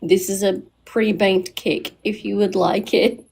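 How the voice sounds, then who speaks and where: Slow-talking sleepy woman. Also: medium pitch, steady tone, creaky, darkish tone, slightly rough. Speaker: guest. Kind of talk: casual live-stream chat.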